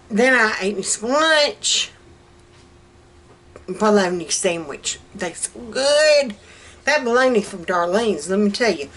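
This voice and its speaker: A woman's voice: medium pitch, fairly bright tone, rough recording. A middle-aged woman with a Southern American accent, chatting folksy and cheerfully through a home cooking vlog in her kitchen, laughing often. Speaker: vlogger. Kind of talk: casual cooking vlog chat.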